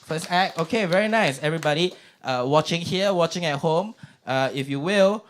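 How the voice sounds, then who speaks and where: A man's voice: fairly high pitch, moderate pace, background noise. A young man with a Singaporean accent hosting an open mic, chatty and self-mocking. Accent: Singaporean English. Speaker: comedy open mic host. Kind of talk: stand-up comedy.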